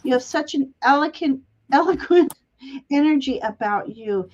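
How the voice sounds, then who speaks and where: A woman host giving a live tarot reading, speaking gently and laughing often between phrases, on dull lo-fi livestream audio. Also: sits high, animated, moderate pace. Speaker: tarot reader and show host.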